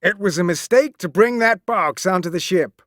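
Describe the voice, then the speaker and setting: A man's voice: high-pitched, normal speed, no room sound, studio quality, pitched above the performer's own voice. Man doing a stern, commanding ship captain. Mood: grave. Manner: shouting orders urgently.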